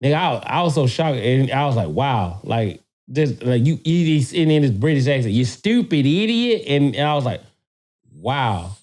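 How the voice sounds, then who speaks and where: Profane animated man telling a story. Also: mid-range voice, brisk, few pauses. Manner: animated, profane, repeats words when excited. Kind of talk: casual storytelling chat.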